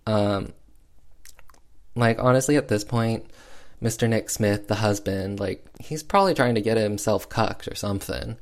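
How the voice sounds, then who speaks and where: A man's voice: on the low side, normal speed. A man casually recapping an old film with sassy, chatty commentary. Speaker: film reviewer.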